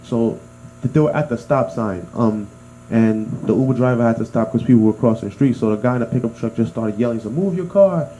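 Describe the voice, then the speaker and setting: A man's voice: medium pitch, fairly quick, a little hiss or hum, poor audio. A man co-hosting a casual chat among friends, telling a story and acting out the lines of the people in it. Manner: animated storyteller, acts out quotes. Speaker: podcast co-host.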